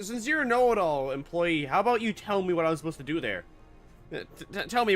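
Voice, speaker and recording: Lively, joking male game streamer. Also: a little high. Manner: animated, joking, sarcastic, laughs often. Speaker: VTuber streamer. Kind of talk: let's-play commentary and reading narration aloud.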